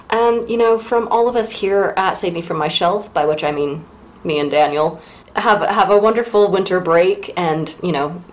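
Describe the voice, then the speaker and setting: Wry woman co-hosting a podcast. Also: lowish voice. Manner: wry, sardonic, quick asides. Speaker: podcast co-host. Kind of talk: casual chat.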